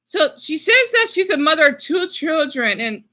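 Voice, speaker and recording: A woman on a casual livestream reading viewer messages, talking haltingly with many fillers and slipping into hesitant Spanish. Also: sits high, sing-song, pushed and bright. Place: lives in Phoenix.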